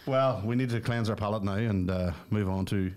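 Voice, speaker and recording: A man, co-hosting a podcast, trading quick, teasing banter in a casual chat. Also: lowish voice, a little mellow. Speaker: podcast co-host.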